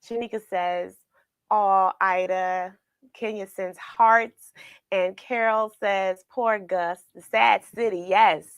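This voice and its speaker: A woman's voice: medium pitch, steady tone, takes it slowly, clean tone, no echo. A woman hosting a children's read-along livestream, talking tenderly and emotionally to viewers she calls friends. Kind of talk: casual livestream chat after reading.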